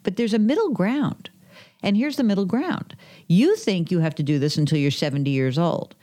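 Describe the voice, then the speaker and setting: A woman's voice: on the low side, animated, normal speed, mellow. A woman guest on a talk podcast, telling stories about personal finance, chatty and acting out quoted dialogue. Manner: chatty, acts out quoted dialogue, many fillers. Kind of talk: conversational podcast storytelling.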